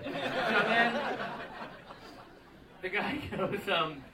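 A man's voice: high voice, lively intonation, moderate pace, pauses often, a loud crowd. A man doing a stand-up comedy routine, profane and mocking, acting out song lyrics and characters on stage. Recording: live room echo, distant mic, audience laughing. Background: audience laughter.

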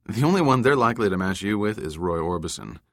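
A man's voice: on the low side, expressive, quick pace, a bit bright, dry recording, clean studio sound. A man voicing a wry woman journalist.

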